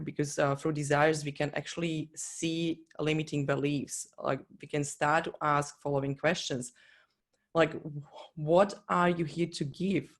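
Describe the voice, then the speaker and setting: A coach giving an earnest, encouraging motivational talk in non-native English, speaking straight to the listener. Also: medium pitch. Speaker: business and life coach.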